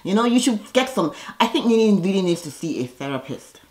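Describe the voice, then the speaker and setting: A woman's voice: mid-range voice, sing-song, brisk, darkish tone. Sassy, blunt woman recapping reality TV. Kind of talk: casual recap commentary.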